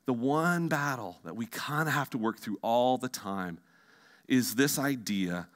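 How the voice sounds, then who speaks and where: A male pastor preaching a sermon in a church, animated and emphatic at times, then dropping to hushed, quiet tones. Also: medium pitch, a little slow. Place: church sanctuary.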